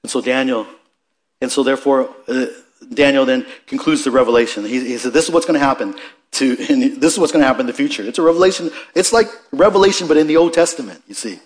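A man teaching a Bible study in a conversational way, with frequent restarts and asides, rising in emphasis and then dropping to quiet remarks. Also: mid-range voice, fast talker.

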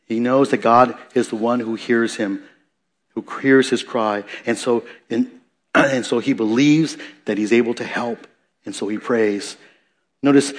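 A man preaching a sermon, rising loud for emphasis, dropping soft, with chatty asides and self-corrections. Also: mid-range voice. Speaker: pastor.

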